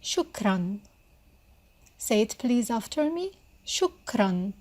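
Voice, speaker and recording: A woman teaching a beginner Arabic lesson, speaking slowly and patiently and repeating each word for the learner to copy. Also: a little high, very animated, darkish tone.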